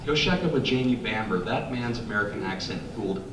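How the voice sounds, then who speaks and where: A low-voiced man keeps a convention Q&A moving with brisk jokes. He is heard from a distance in a big echoing hall, with steady hiss behind him. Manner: jokey, brisk. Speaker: panel moderator. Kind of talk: moderating a convention Q&A. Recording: echoey hall from far off.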